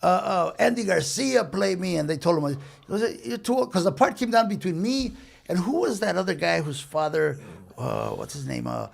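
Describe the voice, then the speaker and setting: A man's voice: a little high, creaky. A man telling rambling, chatty anecdotes as a guest on a casual podcast, restarting his sentences and dropping in Spanish slang. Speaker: guest storyteller.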